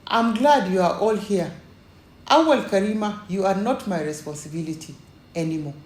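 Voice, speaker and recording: Steady heiress, measured and icy, put on by a woman narrator; room echo. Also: medium pitch, lightly acted. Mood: firm. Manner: firm, measured, cool. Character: wealthy young Nigerian woman, calm and firm.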